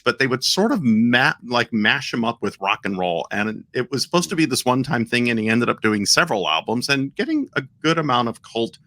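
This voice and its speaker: A man co-hosting a casual music podcast explains his song choice with enthusiasm, telling it in an animated way full of fillers. His voice is mid-range, with no echo.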